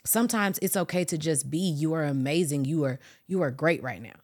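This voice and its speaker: Woman podcast host, low voice, expressive chatty delivery. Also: a little fast. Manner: expressive, animated, swears casually. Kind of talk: casual chat.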